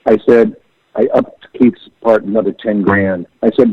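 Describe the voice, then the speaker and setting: Middle-aged male musician guest, gravelly and husky, phoned in on a thin line, storyteller who plays out the quoted voices. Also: mid-range voice, unhurried, dry recording. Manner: animated, acts out quoted voices. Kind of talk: storytelling interview over the phone. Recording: tinny phone line, dry.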